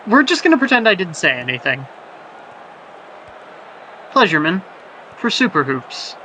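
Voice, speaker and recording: A play-by-play man with a high voice, big pitch swings, and a pushed, bright sound calls a simulated soccer match at normal speed. He turns jokey and rambling between plays, building up on chances. The recording is rough and noisy in the background.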